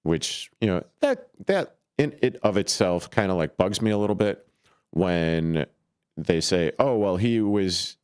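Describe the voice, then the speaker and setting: Man, sports radio host, very low voice, rambling casual talk, studio mic. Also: expressive, measured pace, darkish tone, clear, resonant tone, dry recording. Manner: rambling, with fillers and restarts. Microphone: studio microphone.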